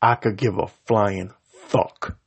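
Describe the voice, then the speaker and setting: A man delivering a profane, confrontational rant straight to his audience, swinging between loud outbursts and low mutters. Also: fairly even intonation, takes it slowly, breathy edge. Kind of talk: profane angry rant to camera.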